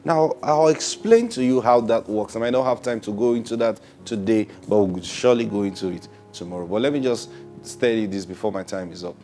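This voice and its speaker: A man's voice: fairly low pitch, a little mellow, faint music behind. A man preaching a sermon, drawing out key words and repeating himself as he builds each point. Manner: drawn-out emphatic phrasing with repetitions.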